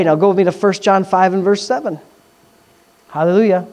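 A pastor, preaching in a conversational, animated way, with asides and quick questions to the congregation. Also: mid-range voice. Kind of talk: sermon.

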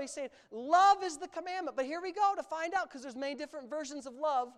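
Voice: high voice, fast talker, hardly any pauses. A preacher from the United States delivering a sermon, talking emphatically, stretching words for emphasis and adding sarcastic asides.

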